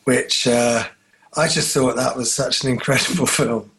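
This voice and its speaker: A man's voice: mid-range voice, fairly even intonation, moderate pace, a bit bright. A man co-hosting a casual chat, telling rambling, jokey stories. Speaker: podcast co-host.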